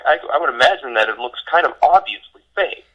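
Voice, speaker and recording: A man's voice: fairly high pitch, expressive, fast talker, sharp tone, lo-fi sound. A man co-hosting a casual podcast, wry and teasing as he corrects the host.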